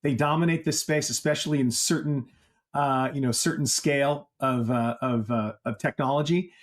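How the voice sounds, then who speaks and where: A man's voice: mid-range voice, normal speed. A man speaking as an industry analyst in an interview, conversational and emphatic, with many fillers. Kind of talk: interview answers.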